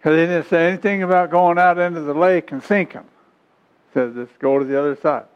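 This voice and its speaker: A man's voice: on the high side, fairly even intonation, brisk, clean tone. Man preaching on a lo-fi recording. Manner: reads scripture then explains it in homey, chuckling asides. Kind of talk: sermon. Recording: dull lo-fi recording.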